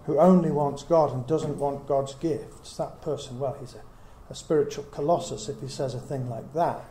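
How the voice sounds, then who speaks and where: A man's voice: mid-range voice, fairly even intonation, moderate pace, dark tone. A middle-aged man giving an earnest Bible teaching, reasoning aloud with many rhetorical questions. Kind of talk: teaching talk to a small group. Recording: echoey room with faint hiss.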